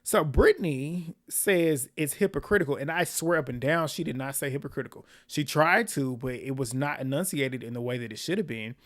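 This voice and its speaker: A man's voice: on the high side, brisk, hardly any pauses, a bit bright. A man giving a casual recap of a reality TV episode, chatty and opinionated, with slang and frequent laughs.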